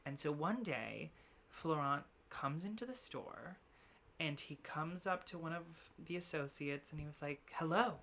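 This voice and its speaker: Low-voiced woman chatting in quick bursts. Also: animated, a bit bright, a little hiss or hum. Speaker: podcast co-host. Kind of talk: casual chat. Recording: remote long-distance setup.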